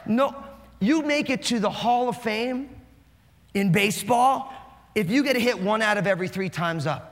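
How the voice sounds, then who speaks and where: In a big hall full of long, ringing reverb, a New Jersey pastor delivers a quick, funny sermon. He is animated and jokes as he talks fast, his voice pitched high for a man.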